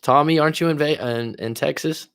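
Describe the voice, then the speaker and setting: A man's voice: on the high side, a little fast, creaky, a bit bright, clean tone, no room sound. A man coaching on a livestream, chatting casually and swearing freely as he reacts to viewer comments. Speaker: life coach hosting a livestream.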